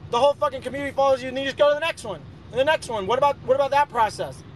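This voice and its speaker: A man's voice: very high voice, racing, a little hiss or hum. A man boasting and ranting profanely in a casual chat. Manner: brash, boastful, rambling rants.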